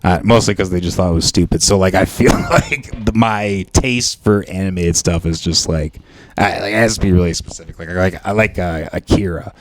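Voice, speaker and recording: A man's voice: deep voice, brisk, slight background noise. A man co-hosting a casual podcast, rambling and hedging with lots of fillers as he talks. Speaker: podcast co-host. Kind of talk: casual chat.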